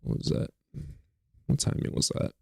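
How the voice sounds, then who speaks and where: A man's voice: moderate pace, warm tone, dry recording. A man hosting a live-stream debate in casual chat, joking and sarcastic, and he swears freely. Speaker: livestream debate host.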